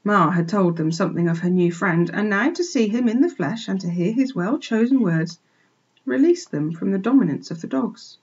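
A woman teacher expressively reading a children's book aloud for a remote class, pausing to point out pictures, on a dull lo-fi recording. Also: mid-range voice, animated, darkish tone, husky. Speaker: primary school teacher. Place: home, remote lesson.

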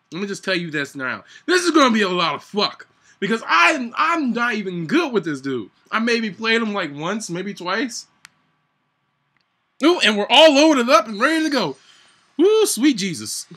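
A man giving live gameplay commentary, excitable and panicky, swearing constantly and shouting in sudden bursts. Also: high-pitched. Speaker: gaming channel host.

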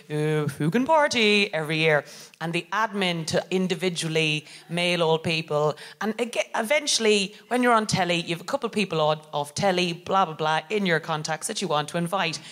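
Animated Irish woman telling a comic story. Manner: animated, laughing, acting out quotes in high voices. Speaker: co-host. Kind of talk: comic storytelling on a live podcast. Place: live show on a theatre stage.

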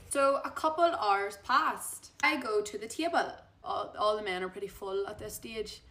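Young woman, Irish accent, bright voice, chatty animated gossip, phone mic, echoey room. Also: normal speed, hardly any pauses. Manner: chatty, animated gossip with big pitch swings. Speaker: vlogger. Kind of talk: get-ready-with-me storytelling.

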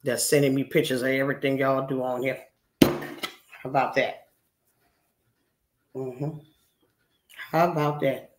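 A woman's voice: very deep voice, level tone, unhurried, pauses often, slight background noise. Brash, profane woman in her sixties. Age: 60s. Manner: brash, profane, teasing scolding. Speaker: livestreamer. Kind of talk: casual live-stream chat with viewers. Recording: roomy echo.

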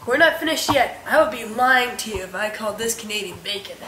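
A woman playing a bubbly co-host of a spoof cooking show, presenting dishes in a lively way. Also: on the high side, fairly quick, close to an everyday voice. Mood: upbeat. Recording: echoey room, faint noise.

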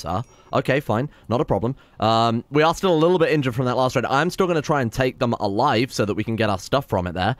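Male gaming host, casual play-by-play, excitable and sweary, dry close mic, mid pitch. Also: quick pace, dry recording. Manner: excitable, swears, talks to his colonists. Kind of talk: casual let's-play commentary.

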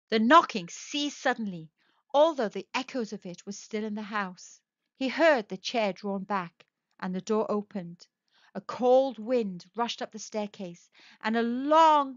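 A woman's voice: on the high side, fairly bright tone, dry recording. A woman storyteller narrating a spooky classic tale in a dramatic, suspenseful way. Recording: dull, dry lo-fi recording.

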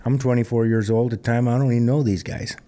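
Man in his fifties, from Montana, warm mellow tone, mid-range pitch, relaxed plainspoken storytelling, interview guest. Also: fast. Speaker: singer-songwriter guest.

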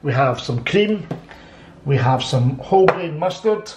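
A man's voice: on the high side, animated, recorded from a distance, background noise. Man explaining in a roomy kitchen. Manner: halting, many restarts, explains patiently. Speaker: cook and co-host. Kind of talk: casual cooking chat. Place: home kitchen. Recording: roomy kitchen sound from off-mic.

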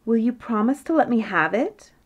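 A woman's voice: on the high side, expressive, normal speed, lo-fi sound. A woman voicing a giddy young princess in a storybook reading, eager and wheedling, drawing her pleas out. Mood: pleading. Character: giddy, laughing young princess begging for a whim.

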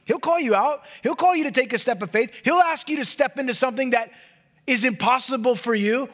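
A man preaching a sermon as pastor, animated and often dropping to a hushed low voice for emphasis. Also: fairly quick.

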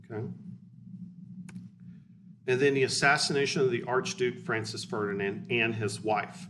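A man teaching history in a loose, blunt way, as if chatting with students. His voice sits at a middle pitch and is picked up from a distance, with a faint hiss underneath. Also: normal speed. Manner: blunt, conversational, explanatory. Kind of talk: casual classroom lecture.

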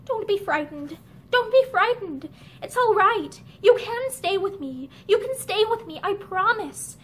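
A woman reading aloud voices a gentle, compassionate young woman who speaks tenderly and soothingly. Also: extremely high pitch, animated, measured pace, heavily acted.

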